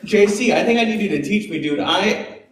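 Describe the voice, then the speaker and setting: Self-mocking comic, high voice. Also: male voice, lively intonation, brisk, very noisy. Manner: self-deprecating, chuckling often. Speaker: stand-up comic. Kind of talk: stand-up comedy. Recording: roomy club sound from a distance. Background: laughing crowd.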